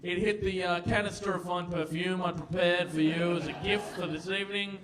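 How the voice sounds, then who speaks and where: A man doing stand-up as the evening's compere, loud and theatrical. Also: high voice, a little fast, crowd noise. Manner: loud, excitable, theatrical outbursts. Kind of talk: stand-up comedy.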